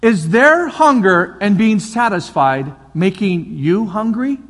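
High-voiced pastor in a echoing hall. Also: male voice, slow. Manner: energetic, coaxing, repeats commands. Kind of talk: lively sermon demonstration. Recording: long hall reverb, faint crowd.

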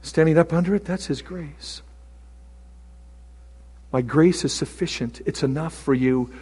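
A pastor preaching with big swings between loud exclamations and near-whispers. His voice sits high and a little breathy. It rings out through a large reverberant hall. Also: unhurried. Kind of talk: sermon.

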